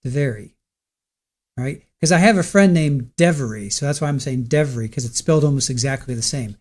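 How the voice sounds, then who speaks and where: A man's voice: medium pitch, a little fast, a little mellow. A man hosting a live trial stream, chatting casually and rambling as he practices a name aloud.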